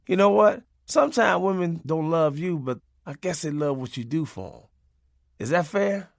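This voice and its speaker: A man's voice: on the high side, animated, moderate pace, vocal fry, no echo, clean studio sound. A man narrating a comic memoir in a loose, profane, conversational way, laughing as he goes. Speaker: audiobook narrator.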